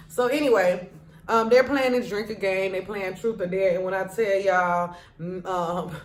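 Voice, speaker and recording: A woman sits at home and recaps a reality show for her viewers in a chatty, gossipy way. She retells each scene with animated asides. Her mid-range voice rings in a noticeably echoey room. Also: medium pitch. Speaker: TV recap vlogger.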